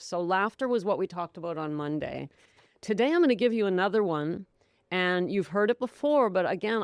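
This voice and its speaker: A woman hosting her own sobriety podcast, chatting to listeners in an encouraging, easygoing way with frequent laughs. Her voice is smooth and clear, recorded close and dry. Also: lowish voice, no room sound. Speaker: podcast host and sobriety coach. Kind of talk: casual solo podcast talk.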